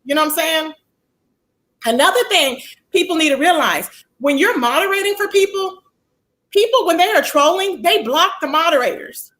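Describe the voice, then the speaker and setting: Woman streamer, high bright voice, chatty and animated, greets chat by name. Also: moderate pace. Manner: chatty, animated, greets viewers by name, calls them baby and child. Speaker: livestream commentary host. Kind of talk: casual livestream commentary.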